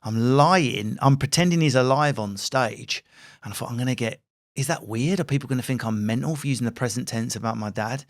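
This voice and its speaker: A man in his forties from England, a comedian guest telling lively anecdotes with plenty of swearing in a podcast interview. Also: medium pitch, quick pace. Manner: animated, sweary anecdotal storyteller.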